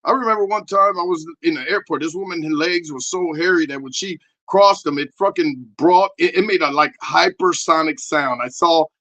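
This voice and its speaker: A man doing a rambling, crude improvised comedy rant, excitable and prone to sudden shouting. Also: a little high, normal speed, few pauses, highs cut off.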